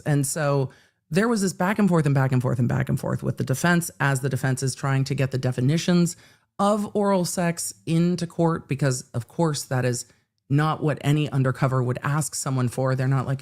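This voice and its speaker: A woman hosting a casual livestream about a court case, telling stories in a lively, swearing, animated way. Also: extremely low pitch, normal speed. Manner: animated, swearing, storytelling with acted quotes. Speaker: legal commentary livestream host.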